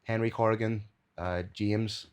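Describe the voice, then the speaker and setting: A man's voice: on the low side, steady tone, measured pace, clear, resonant tone. A man with a Belfast accent, a combat sports commentator being interviewed, talking casually and enthusiastically and laughing easily. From Northern Ireland.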